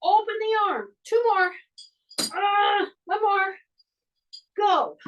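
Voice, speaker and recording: A woman with a high voice leads an exercise class and talks through each move as she demonstrates it. She keeps repeating cues to breathe and drop the shoulders. She sounds a little distant from the microphone. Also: expressive, slow, long pauses, a bit bright, dull audio. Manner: coaching, repetitive breathing cues, demonstrating moves. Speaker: fitness instructor. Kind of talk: guided workout instruction.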